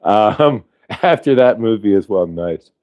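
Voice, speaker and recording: A man's voice: fairly low pitch, animated, takes it slowly, no room sound, lo-fi sound. A male show host from Ohio chatting casually, rambling through tangents with frequent restarts. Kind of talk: casual chat.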